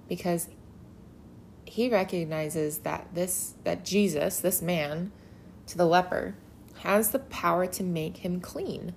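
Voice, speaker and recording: A woman with a lowish voice teaches a casual Bible lesson, chatty and emphatic, often slipping in filler words. A faint hiss sits under her voice. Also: darkish tone.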